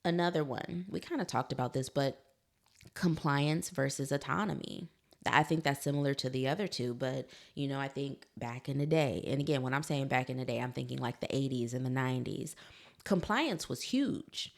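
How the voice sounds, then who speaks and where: A woman. Her voice sits low with a gravelly fry at the edges. She talks to listeners in a relaxed, conversational way and laughs easily. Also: normal speed. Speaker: podcast host, psychologist. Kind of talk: solo podcast talk.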